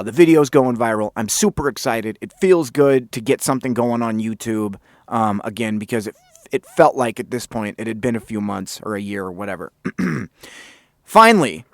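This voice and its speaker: A man hosting his own podcast, telling a story in a casual, animated way and swearing freely. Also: medium pitch, no echo, studio quality. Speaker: podcast host.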